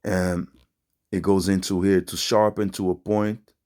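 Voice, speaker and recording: A man with a very low voice gives a loose, informal religious teaching. He talks in street slang, ends his phrases with "man", and rambles through fillers and restarts. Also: little pitch movement, measured pace, darkish tone. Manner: street-style slangy preaching, repeats "man". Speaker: preacher.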